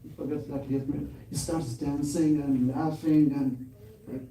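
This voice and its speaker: A man tells a devotional story in a temple, animated and acting out each scene. His voice is fairly high but mellow and dark. The mic sits far off, so the voice rings through the roomy hall with faint background noise. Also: normal speed. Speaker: temple speaker. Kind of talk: sermon storytelling.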